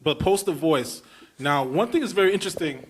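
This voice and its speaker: A man's voice: on the high side, animated, a little fast, husky. A man with a Brooklyn accent hosting a podcast, talking emphatically and stringing long questions together. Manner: emphatic, enthusiastic, piling up run-on questions. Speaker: podcast host. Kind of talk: casual podcast conversation.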